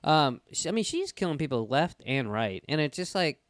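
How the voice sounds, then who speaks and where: A man's voice: fairly high pitch, very animated, fairly quick. A young man co-hosting a casual podcast, retelling a TV episode with swearing and little acted-out quotes. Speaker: podcast co-host. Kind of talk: casual chat.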